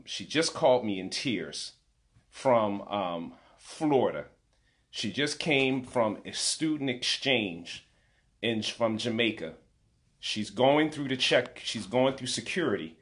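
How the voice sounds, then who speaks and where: A middle-aged American father ranting in anger, indignant and repeating his points for emphasis. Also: mid-range voice. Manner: indignant, repetitive, building to shouted emphasis. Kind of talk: angry direct-to-camera rant.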